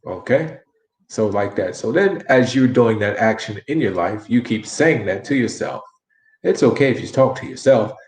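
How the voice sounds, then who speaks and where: A man's voice: medium pitch, animated, normal speed, a little mellow, reverberant. A man teaching a casual Spanish lesson, repeating phrases and modeling question inflection with encouragement. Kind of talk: casual online language lesson.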